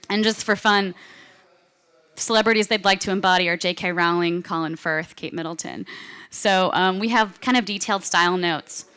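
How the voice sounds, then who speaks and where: A woman's voice: medium pitch, bright, forceful tone, smooth. A woman giving a conference presentation in a casual, chatty way, often saying "like" and "you know". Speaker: conference speaker. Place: conference stage.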